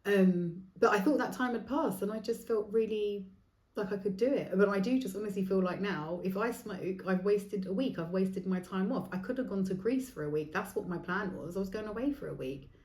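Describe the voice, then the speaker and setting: A woman's voice: mid-range voice, fairly quick, darkish tone, roomy sound. A woman in her forties hosting her own podcast, talking in a rambling, frank way with plenty of swearing. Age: 40s. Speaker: podcast host. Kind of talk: candid solo podcast monologue.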